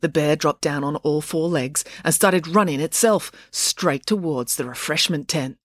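A woman narrating a children's storybook aloud, lively and dramatic. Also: deep voice, measured pace, no echo, clean studio sound. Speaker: audiobook narrator.

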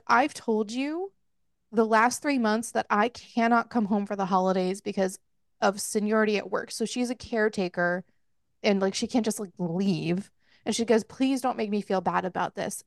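A woman's voice: on the high side, no echo, clean studio sound. A woman co-hosting a podcast, casually recapping a book in a chatty way, swearing freely and laughing as she goes. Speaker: podcast co-host. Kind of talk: casual book review chat.

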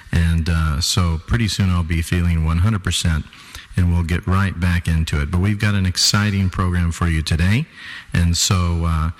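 A man's voice: sits low, in a large hall. A male radio host giving an upbeat, folksy introduction to the program.

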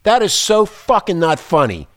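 A man's voice: high-pitched, wildly swooping pitch, normal speed, a bit bright, no room sound, studio quality. A man hosting a talk radio show, ranting angrily and swearing often. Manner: angry, profane, insulting.

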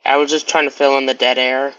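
A man's voice: medium pitch, little pitch movement, fast, fairly bright tone, clean tone, no room sound. A man co-hosting a casual podcast, talking hesitantly and a little self-consciously. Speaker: co-host. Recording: dry, dull lo-fi audio.

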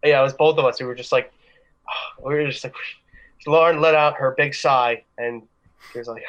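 A man's voice: medium pitch, steady tone, measured pace, pauses often, a bit bright, highs cut off. A young man telling stories in a casual chat, rambling and laughing as he goes. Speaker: podcast co-host.

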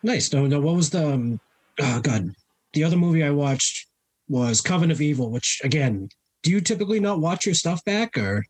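A laid-back interviewer asks questions in an easy, meandering way, full of fillers and small restarts. The voice has a husky, slightly breathy edge and a middling pitch. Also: normal speed. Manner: relaxed, hesitant with fillers, laughs along. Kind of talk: casual interview chat.

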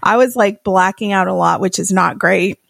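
A woman's voice: medium pitch, normal speed, creaky, a bit bright, dry recording. A woman co-hosting a podcast, chatting in a laid-back, reflective way. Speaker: podcast co-host. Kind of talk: casual chat.

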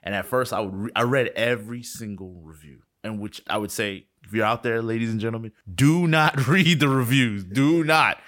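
Fast-talking, lively man from South Florida. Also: lowish voice. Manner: fast, excitable storyteller, acts out quotes. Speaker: guest filmmaker. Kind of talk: animated interview talk.

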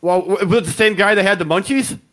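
A man co-hosting a podcast who drops quick jokes into the chat. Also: high voice, a bit bright. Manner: quips jokes. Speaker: guest co-host. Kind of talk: casual chat.

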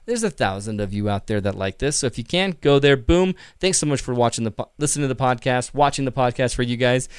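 A man's voice: medium pitch, fast talker, few pauses, clear, resonant tone, no room sound, clean studio sound. A man co-hosting a live podcast, upbeat and chatty, talking casually with his co-host. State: tired, out of breath. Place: indoors.

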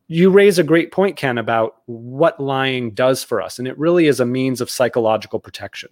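A man's voice: medium pitch, expressive, normal speed, dry recording, clean studio sound. A man who is the author being interviewed, making emphatic points and repeating key lines for stress. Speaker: author and guest. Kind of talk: casual interview chat.

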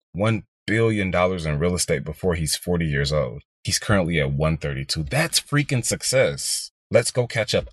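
A man in his twenties from Houston, Texas, hosting a podcast and telling a story in an energetic, motivational monologue aimed straight at listeners. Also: sits low, no echo, studio quality. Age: 20s. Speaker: podcast host, real estate investor.

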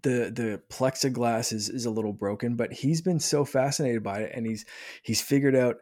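A man in his thirties talking in an easy podcast chat with a middle-pitched voice. He gets excited and rambles, stumbling and restarting his sentences as he goes. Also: normal speed. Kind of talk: casual chat.

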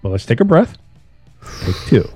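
A man hosting a casual sports podcast, talking loosely and profanely with bursts of animated emphasis. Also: medium pitch, moderate pace, slightly rough, no echo, faint music behind. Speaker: podcast host.

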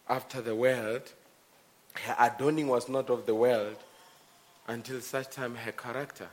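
A man preaching a sermon, telling stories, with swings between quiet earnestness and impassioned shouting. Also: medium pitch.

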